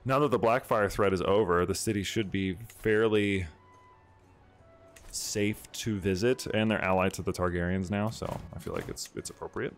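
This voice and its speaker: A man chatting casually over his gameplay, excitable and slangy, with quick asides to his viewers. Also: on the low side, faint music behind. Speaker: gameplay streamer.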